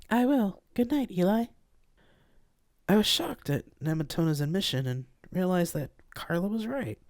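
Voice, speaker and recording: An author narrating a first-person space opera, live-streamed, expressive reading. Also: medium pitch, dry recording. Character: reluctant young man, self-effacing.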